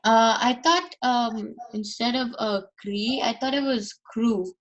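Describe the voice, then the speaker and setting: Slow, halting mother. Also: on the high side, lo-fi sound. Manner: halting, hesitant. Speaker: parent of a student. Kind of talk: casual question in class.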